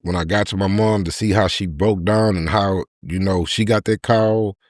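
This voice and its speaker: A man, a podcast guest telling a candid personal story in an emotional, halting way with many repeated words. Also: deep voice, fairly even intonation, dry recording, clean studio sound.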